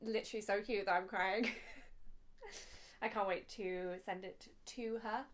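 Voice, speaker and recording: A woman's voice: medium pitch, steady tone, a little slow. A young woman talks through a shopping haul in a casual, gushing, chatty vlog. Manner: gushing, chatty, easily emotional. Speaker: vlogger.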